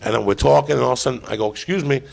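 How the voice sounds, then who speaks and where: A man hosting a live podcast, telling a profane comic story in an excitable way, acting out every line. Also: medium pitch, very fast, vocal fry. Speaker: podcast host.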